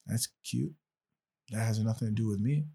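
A man's voice: on the low side, moderate pace, gravelly, dark tone, breathy edge. A man hosting a podcast in casual chat, loose, joking and rambling. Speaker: podcast host.

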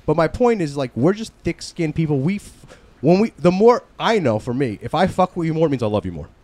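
A man in his forties from northern New Jersey with a New Jersey accent, telling profane stories on a casual podcast, getting loud when he quotes his friends. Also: on the high side, big pitch swings, fairly quick. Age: 40s. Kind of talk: casual chat.

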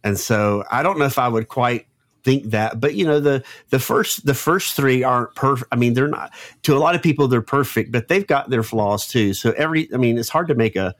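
A man in his fifties from Florida with a Southern accent, chatting on a podcast in a halting, rambling way full of restarts. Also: mid-range voice, fairly bright tone, no echo. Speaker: podcast co-host. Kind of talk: casual chat.

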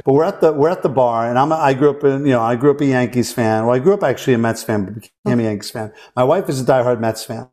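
Man in his forties, podcast host, lively storyteller, middle-range voice. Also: mid-range voice, fast, hardly any pauses. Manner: animated, acts out quoted voices. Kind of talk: casual storytelling.

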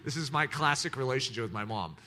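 A middle-aged man preaching, telling personal stories in an animated, self-mocking way with sudden loud peaks. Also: medium pitch, fast, a little hiss or hum. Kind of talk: storytelling sermon.

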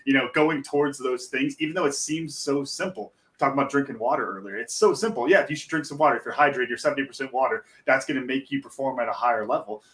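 A man's voice: medium pitch, fast talker, few pauses, a bit bright. A man who coaches people on finding their purpose, talking earnestly and encouragingly as a podcast guest. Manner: earnest, encouraging, many fillers. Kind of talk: casual interview chat.

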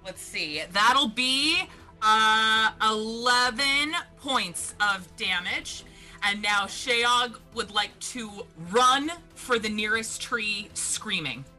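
A woman player cheerfully describing what her character does in a tabletop game. She talks slowly, in a very bright, sharp voice pitched a bit high. Faint music plays underneath. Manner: gleeful, narrating her character's actions. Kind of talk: casual tabletop play.

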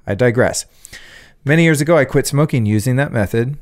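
A man's voice: medium pitch, fairly quick. A man in casual podcast conversation, rambling and swearing freely as he tells a story.

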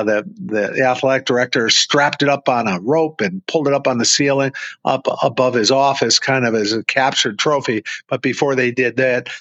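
A man's voice: mid-range voice, pushed and bright, dry recording. Casting: male podcast guest, storyteller who rambles, dull lo-fi sound, dry. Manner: rambling, enthusiastic storyteller with many fillers. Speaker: guest author and memorabilia collector. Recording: dull lo-fi remote audio.

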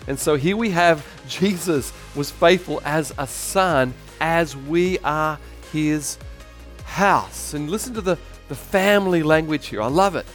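Brief: middle-aged male pastor, earnest sermon storyteller, slightly higher voice, soft music under him. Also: unhurried. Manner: earnest storytelling, repeats words, swells louder on rallying calls. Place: church in Tokyo.

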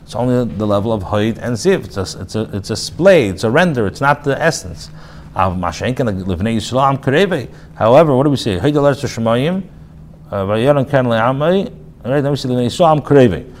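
A man's voice: mid-range voice, expressive, brisk, slight background noise. Man teaching a casual text class. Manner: reads Hebrew phrases then paraphrases them in English; frequent restarts and filler, conversational. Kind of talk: casual spoken Torah class.

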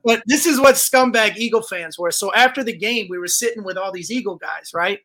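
A man from New Jersey telling profane, animated stories in casual sports chat as a podcast co-host. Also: high-pitched, brisk, poor audio.

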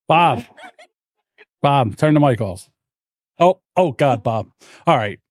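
A man's voice: medium pitch, lively intonation, slow pace, no echo, clean studio sound. A man co-hosting a podcast in casual chat, joking and provocative, often repeating himself. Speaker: podcast co-host.

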